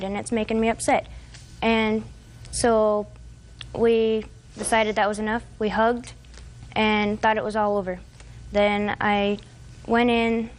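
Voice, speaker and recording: A woman's voice: mid-range voice, a little hiss or hum. Young woman giving rambling testimony. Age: 20s. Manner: long rambling account, hesitant fillers. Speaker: defendant. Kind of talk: courtroom testimony.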